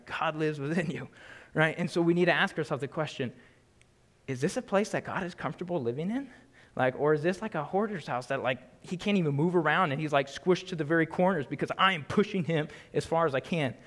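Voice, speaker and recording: A man teaching a Bible study in a casual, emphatic way, often checking in with "right?". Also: fairly high pitch. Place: church sanctuary. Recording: long hall reverb.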